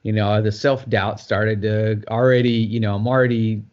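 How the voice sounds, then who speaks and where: A man's voice: fairly low pitch, level tone, normal speed, darkish tone. A man co-hosting a casual podcast, telling a long personal story in a loose, conversational way with plenty of fillers. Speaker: podcast co-host. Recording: dull lo-fi sound.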